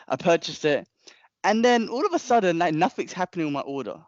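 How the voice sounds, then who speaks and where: A young man, a podcast co-host telling a long story in casual chat, animated and rambling, with frequent restarts and slang. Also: high-pitched, a little fast, no room sound, muffled recording.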